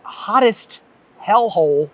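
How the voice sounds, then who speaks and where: A man with a fairly high voice and a light, toned-down Southern accent hosts a podcast. He rambles with enthusiasm, circling back on his words as he sets up his guest. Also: animated, takes it slowly. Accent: Southern US, softened. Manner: rambling, many fillers and restarts, enthusiastic. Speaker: podcast host, chiropractor. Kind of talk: casual conversation, introducing a guest.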